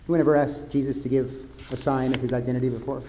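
A pastor delivers an earnest sermon. His voice sits in an ordinary male middle pitch and often sinks into soft, grave tones. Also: flat delivery, quick pace, slight background noise.

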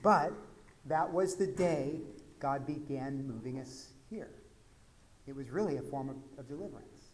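A man from Texas, a pastor, preaching a conversational sermon that swings from quiet asides to loud, emphatic peaks. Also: medium pitch, unhurried, slight background noise.

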